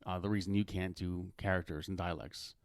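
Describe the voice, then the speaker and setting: A man's voice: low voice, little pitch movement, fairly quick, dry recording. An American man from New Jersey, a comedian guest chatting casually, rambling and poking fun at himself with many restarts. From New Jersey, USA. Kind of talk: casual podcast chat.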